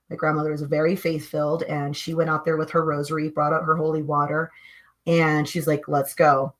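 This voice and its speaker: A woman telling personal spiritual stories in a casual, animated, emphatic way, acting out what others said. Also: low voice. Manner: animated, emphatic, acts out quotes. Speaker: podcast guest.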